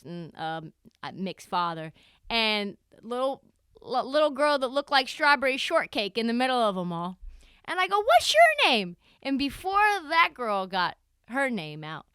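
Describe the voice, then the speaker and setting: A young adult woman hosting a podcast, telling a casual story in an animated, chatty way and swearing freely. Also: fairly high pitch, smooth, dry recording, studio quality. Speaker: podcast host.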